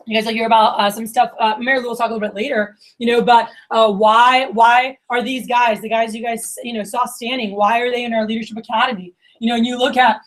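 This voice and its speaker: Chatty woman, fairly high voice. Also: level tone, fast, few pauses. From Miami. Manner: casual and chatty, lots of "like" and "you know", acts out quoted friends. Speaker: division leader giving opening remarks. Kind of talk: motivational talk to a team.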